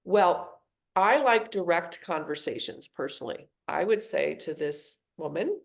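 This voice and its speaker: A middle-aged woman with a gravelly, fry-tinged voice speaks as a psychologist guest on a podcast. She tells her stories in an animated way. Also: fairly low pitch, measured pace. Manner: storytelling, animated voicing of quoted people. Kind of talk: podcast interview.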